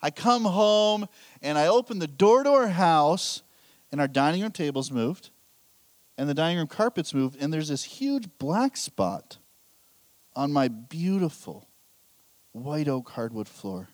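A man's voice: on the high side, big pitch swings, measured pace, no echo. A middle-aged man preaching a sermon as pastor, telling candid, self-deprecating stories with a laugh.

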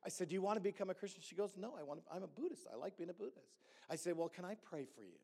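A man, a pastor, telling a story in a sermon and acting out the dialogue with lively energy. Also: sits high, rapid-fire, gravelly, breathy edge. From Hamilton.

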